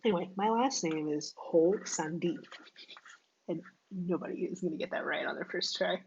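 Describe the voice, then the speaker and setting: A woman's voice: fairly low pitch, moderate pace, vocal fry, darkish tone, lo-fi sound, slight background noise. A woman hosting a casual livestream, thinking aloud and chatting with lots of filler words. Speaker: livestream host. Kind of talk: casual livestream chat while coding. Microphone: wireless earbuds.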